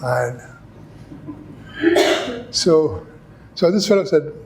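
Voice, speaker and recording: A man's voice: a little high, expressive, a little mellow, a little hiss or hum. An older man from India, giving a classroom lecture as an epidemiology lecturer, telling stories and asking rhetorical questions. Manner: slow, storytelling, acts out dialogue with rhetorical questions.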